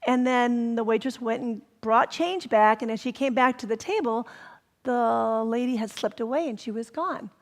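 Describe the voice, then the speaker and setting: A woman reverend giving a sermon, telling stories gently and sometimes dropping to a whisper for emphasis. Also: on the high side, normal speed, big-room sound. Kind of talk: sermon storytelling. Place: spiritual center hall.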